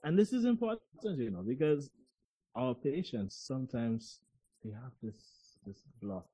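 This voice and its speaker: A man's voice: mid-range voice, lively intonation, dark tone, slightly rough, low-quality recording. A man co-hosting a live evening gala, bantering playfully and now and then putting on an announcer voice. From Saint Lucia. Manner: playful, teasing, shifts into a drawn-out announcer voice. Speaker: event co-host.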